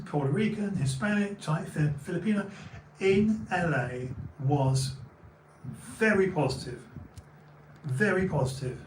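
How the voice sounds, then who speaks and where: A man's voice: a little high, noisy background. Rambling British man telling stories. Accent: British English. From England. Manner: rambling, repeats and restarts words. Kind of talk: casual storytelling monologue. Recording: echoey room, mic a bit far.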